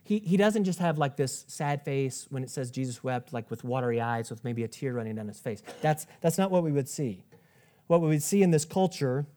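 Male pastor in his 30s, lively conversational preaching, quick asides, frequent restarts. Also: medium pitch, a little hiss or hum. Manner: conversational, animated, self-interrupting with restarts and asides. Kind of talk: sermon.

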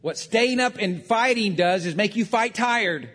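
A man's voice: high voice, expressive, a little slow, fairly bright tone. A man preaching a sermon on marriage, talking conversationally and acting out quotes. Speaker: pastor. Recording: long reverb of a large hall.

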